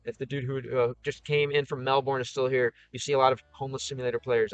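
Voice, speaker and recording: A man's voice: medium pitch, little pitch movement, fast, clean tone, no room sound, lo-fi sound. A man casually chatting on a livestream as he answers viewer comments, thinking aloud with frequent restarts. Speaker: streamer answering live chat.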